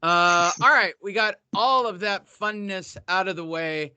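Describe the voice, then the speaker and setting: A man's voice: high-pitched, unhurried, sharp tone, clear, resonant tone, no echo. A man hosting a casual podcast, joking and self-mocking. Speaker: host.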